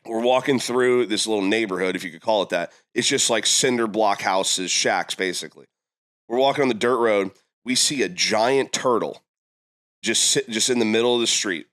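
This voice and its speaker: A young man from Florida telling a long, animated story on a podcast, jumping his voice up high when quoting people. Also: moderate pace. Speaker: podcast guest. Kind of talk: casual storytelling.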